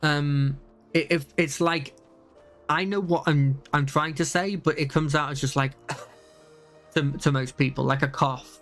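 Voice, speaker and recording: A man's voice: a little high, fairly even intonation, a little slow, fairly bright tone, soft background music. A young man chatting casually on a live stream, rambling with many fillers and restarts.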